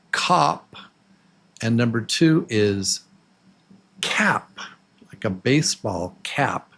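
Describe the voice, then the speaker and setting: Man, English teacher, beginner lesson, very slow delivery, drawn-out words, medium pitch. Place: Los Angeles.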